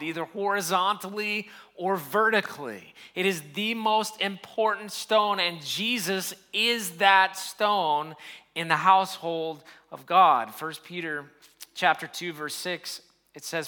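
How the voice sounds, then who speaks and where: A man's voice: fairly high pitch, pushed and bright. A man preaching a sermon, reading scripture and building emphasis as he explains it. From United States. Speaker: pastor.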